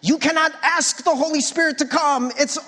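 Man playing a mocking know-it-all churchgoer, exaggerated, high-pitched, echoing hall. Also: fairly even intonation, moderate pace, sharp tone.

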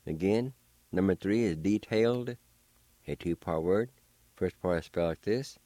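A man's voice: sits low, expressive, measured pace, warm tone, no room sound. A man teaching a language lesson on the radio, carefully spelling out words letter by letter and repeating them.

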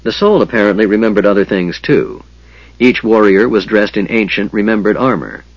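A man reading a fantasy novel aloud in a measured storytelling manner. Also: fairly low pitch, no room sound, lo-fi sound. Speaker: audiobook narrator. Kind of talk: scripted fantasy narration.

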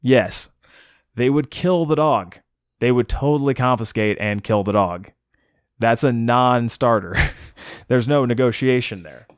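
A young man casually telling a personal story on a podcast, animated and self-mocking, acting out the people he quotes. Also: mid-range voice, unhurried, clean tone, dry recording, studio quality.

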